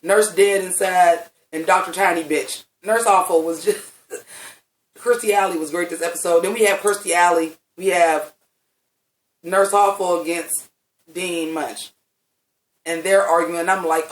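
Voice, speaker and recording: A man giving a casual, animated and profane review of a TV episode, talking with the ease of a chatty vlogger. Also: sits high, moderate pace. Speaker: TV recap vlogger. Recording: roomy sound from a distant mic.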